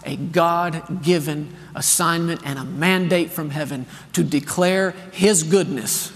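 A man's voice: on the high side, measured pace, big-room sound. A man in his thirties preaching a sermon, telling a story and calling on the congregation to answer back. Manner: storytelling, animated and earnest, calls for responses. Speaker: pastor. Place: large church hall.

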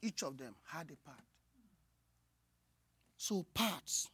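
A woman preaching a sermon, moving from hushed asides to loud, cried-out lines. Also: deep voice, slow pace, husky. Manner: expressive, swings from hushed asides to loud cries.

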